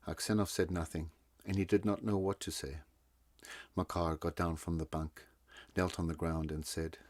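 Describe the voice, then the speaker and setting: Male narrator, very deep voice, dry close sound, measured reading. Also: level tone, a little mellow, dry recording. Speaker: audiobook narrator. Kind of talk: scripted narration.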